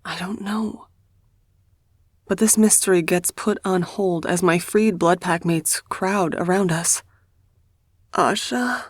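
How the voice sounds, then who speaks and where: A woman reading a first-person audiobook in a measured, intimate storytelling manner on a close studio mic. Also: fairly low pitch, steady tone, a little mellow, no echo. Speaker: audiobook narrator.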